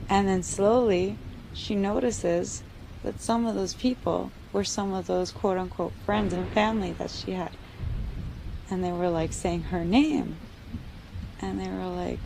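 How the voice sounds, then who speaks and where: A woman's voice: mid-range voice, unhurried, gravelly, noisy background. A young woman casually telling a spooky story, often saying "like". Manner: casual, uses "like" a lot.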